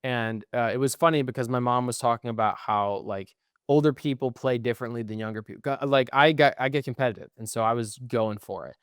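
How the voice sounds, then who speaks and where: A tired young man co-hosting a podcast, telling long, profane, rambling stories and trailing off quietly at the ends of phrases. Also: medium pitch, fairly quick, smooth, no room sound, clean studio sound. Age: young adult. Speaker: podcast co-host. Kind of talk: casual chat.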